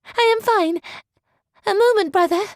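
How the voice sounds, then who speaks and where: A woman reading an audiobook, voicing a shy, sweet teenage girl who talks in a breathless, high, gushing way. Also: measured pace, no room sound, studio quality. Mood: eager.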